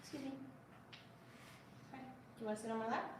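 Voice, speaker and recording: A woman's voice: on the high side, fairly even intonation, brisk, heavy background noise. Chatty woman livestreaming in an echoey room. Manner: chatty, reads viewer comments aloud and coos at her cat. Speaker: livestream host. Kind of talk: casual livestream chat. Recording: very echoey room, distant mic, faint ambience.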